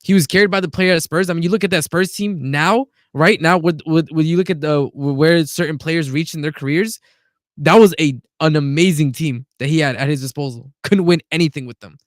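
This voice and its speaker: A man's voice: on the high side, fairly quick, no echo, studio quality. A man co-hosting a casual football chat on a video call, blunt and opinionated. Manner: blunt, opinionated, says "bro" a lot. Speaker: podcast co-host.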